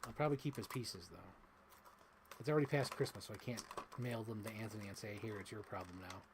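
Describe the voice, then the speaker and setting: A man's voice: lowish voice, fast talker, a little hiss or hum. A man chatting casually while unboxing toys on a livestream, tired and laughing, swearing now and then. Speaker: toy collector streamer.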